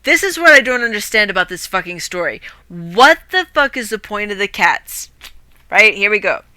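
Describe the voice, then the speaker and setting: A woman's voice: mid-range voice, sing-song, normal speed, sharp tone, dry recording. A woman streamer reading a grim fairy tale aloud, often breaking off to swear and rant about it. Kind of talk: casual story reading with commentary.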